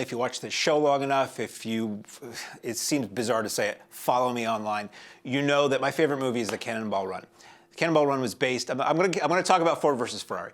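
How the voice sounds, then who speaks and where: A man's voice: mid-range voice, fairly bright tone. A man in his forties hosting a film review show, talking casually and digressively with wry asides. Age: 40s. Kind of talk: casual spoken movie review.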